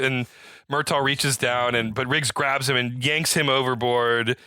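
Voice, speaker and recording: Bright-voiced man recapping a movie. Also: moderate pace, smooth, dry recording, clean studio sound. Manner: animated retelling, acting out quotes with rising pitch. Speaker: podcast co-host. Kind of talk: casual movie recap chat.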